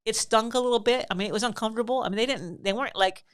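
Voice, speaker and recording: A woman's voice: fairly high pitch, racing, clear, resonant tone. A middle-aged woman hosting a podcast, telling a family story in a chatty, rambling way with many fillers. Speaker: podcast host. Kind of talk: casual storytelling.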